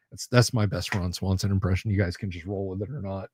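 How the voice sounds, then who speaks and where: A man's voice: sits low, steady tone, fast, few pauses, a little mellow, slightly rough, no echo, studio quality. A man hosting a tabletop gaming livestream in rambling, jokey casual chat, laughing often. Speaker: livestream host.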